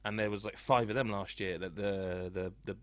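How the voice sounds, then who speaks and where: A man's voice: lowish voice, steady tone, normal speed, clear, resonant tone, no echo. A man hosting a casual video game podcast, chatty and self-deprecating, rambling with restarts. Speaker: podcast host. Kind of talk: casual chat.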